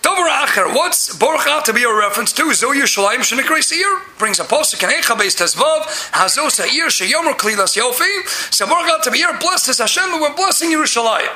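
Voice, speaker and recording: A man's voice: very high-pitched, lively intonation, brisk, pushed and bright, echoey room. A man giving an impassioned Torah lecture, rising to exclamations and using many Hebrew terms. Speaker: Torah teacher.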